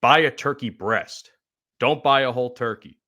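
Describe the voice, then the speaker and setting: A man's voice: medium pitch, moderate pace, pushed and bright. A man co-hosting a podcast, talking casually and emphatically about a holiday meal, swearing freely. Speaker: podcast co-host. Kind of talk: casual chat.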